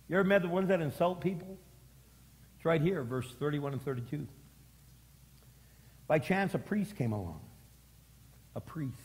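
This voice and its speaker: Dramatic, fairly high-voiced male preacher. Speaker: pastor. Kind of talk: sermon. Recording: long hall reverb.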